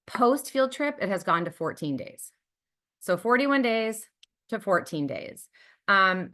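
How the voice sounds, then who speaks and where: A woman's voice: fairly low pitch, bright, forceful tone. A woman presenting her charity's program on a webinar over a video call, talking in an enthusiastic, conversational way with frequent ums and likes.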